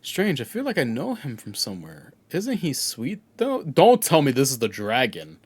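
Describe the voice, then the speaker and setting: A man's voice: mid-range voice, huge pitch swings, moderate pace, husky, no room sound. A man streaming a game, joking and mocking himself between reading the dialogue. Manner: jokey, self-mocking. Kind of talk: casual gaming commentary and reading dialogue aloud.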